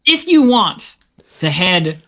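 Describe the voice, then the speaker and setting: A woman's voice: on the low side, very animated, takes it slowly, fairly bright tone. A woman playing in a tabletop game, blunt and profane. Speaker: player.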